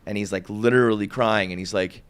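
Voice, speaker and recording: A man's voice: on the low side, steady tone, brisk, clear, resonant tone. A young man telling a long, rambling story on a podcast, full of "like" and laughing at his own tale.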